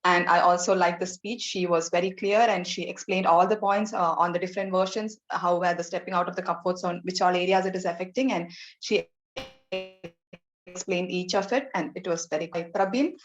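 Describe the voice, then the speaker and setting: A woman's voice: lowish voice, fairly even intonation, fairly quick, dull audio. Woman giving a rambling evaluation report. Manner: repetitive, loose phrasing with fillers. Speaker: general evaluator at a club meeting.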